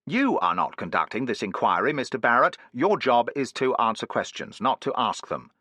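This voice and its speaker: A man voicing a stern commodore who presides over a mock court and gives loud, stern commands, in an audiobook reading. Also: mid-range voice, very animated, moderate pace, dry recording, studio quality. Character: authoritative older male commodore presiding.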